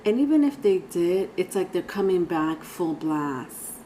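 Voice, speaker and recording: A woman's voice: lowish voice, very animated, measured pace, warm tone, slight background noise, rough recording. A woman giving a casual, rambling tarot reading, talking straight to viewers with sighs and laughs. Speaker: tarot reader.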